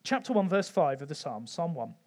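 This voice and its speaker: A man giving an informal Bible teaching talk, conversational with light humour and frequent pauses. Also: on the high side, big pitch swings. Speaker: church teacher.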